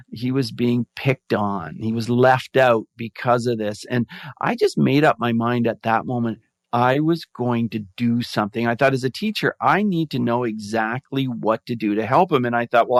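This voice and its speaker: A man's voice: medium pitch, no echo. Earnest man telling a story, dry sound. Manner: earnest, reflective, acts out quoted voices. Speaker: podcast guest, mindfulness advocate. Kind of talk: storytelling in an interview.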